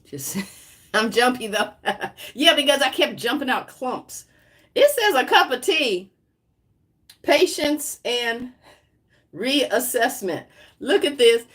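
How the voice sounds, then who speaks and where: A woman's voice: high-pitched, a bit bright, breathy edge. A woman hosting a psychic livestream, chatting casually and laughing often as she pulls oracle cards, drifting through restarts and trailing thoughts. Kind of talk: casual livestream talk with card reading.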